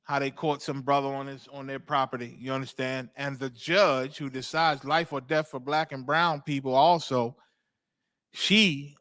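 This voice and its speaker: A man's voice: on the high side, pushed and bright. A male host giving preaching commentary, emphatic, repeating phrases and checking in with 'you understand?'.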